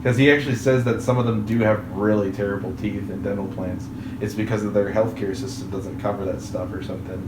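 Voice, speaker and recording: A low-pitched man chatting loosely over a video game, drifting between thoughts and circling back with "um" and "like." His voice bounces around an echoey room. A constant hiss of noise sits underneath. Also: brisk. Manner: rambling, many fillers and restarts. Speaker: let's play host. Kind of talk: casual chat over gameplay. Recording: roomy room with steady background noise.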